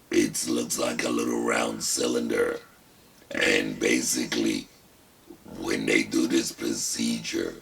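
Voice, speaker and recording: An older man hosting his own talk show, telling his story with wry self-mockery in a gravelly, rasping voice produced through a throat prosthesis. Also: extremely low pitch, a bit bright. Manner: wry, self-mocking, deliberate. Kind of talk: casual personal storytelling. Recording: distant mic with faint background hiss.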